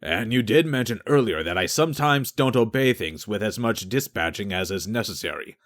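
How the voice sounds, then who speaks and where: A man reading an audiobook, voicing a dim, literal-minded male sergeant in a low, soft, deadpan voice. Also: moderate pace.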